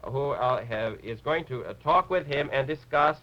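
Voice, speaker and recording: A man voicing a bumbling male rabbit puppet who gives a lecture, halting and clearing his throat. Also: mid-range voice, bright, forceful tone, lo-fi sound, lightly acted. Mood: flustered. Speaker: puppet character on a TV show.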